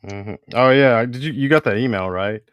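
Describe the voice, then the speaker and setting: A man with a smooth, medium-pitched voice at normal speed co-hosts a toy customizing livestream, crafting parts for a figure as he chats. He's laid-back, sighing and grumbling casually, and the sound has no echo.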